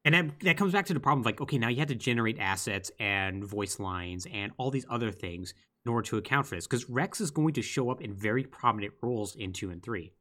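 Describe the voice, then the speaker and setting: A man co-hosting a podcast recaps a game's plot in casual conversation. His pitch swings widely as he tells the story, full of quick asides and bursts of energy. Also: expressive, fairly bright tone. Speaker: podcast co-host. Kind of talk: casual chat recapping a video game.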